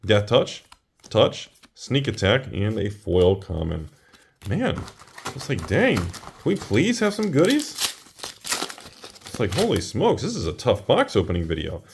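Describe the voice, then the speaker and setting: A man hosting a casual trading card box-opening video, chatty and prone to loud exclamations. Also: on the low side, wildly swooping pitch, a little slow, gravelly, a little hiss or hum.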